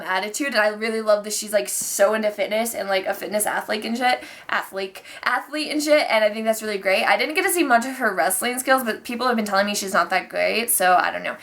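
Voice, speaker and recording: A young woman giving a casual, profane, animated vlog recap of a wrestling show, full of fillers and outbursts. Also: a little high. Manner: profane, animated, excitable, fast-talking with many fillers.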